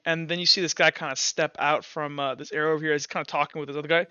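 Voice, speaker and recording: A man's voice: fairly high pitch, steady tone, brisk, hardly any pauses, pushed and bright, smooth, no room sound, dull audio. A man narrating a tabletop game as game master, casual and rambling.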